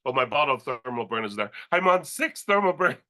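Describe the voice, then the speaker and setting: A man speaking as a company leader in an energetic motivational stage speech, animated and playful. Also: medium pitch, a little fast. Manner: animated, playful, breaks into sound effects and laughter. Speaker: company leader presenting new executives.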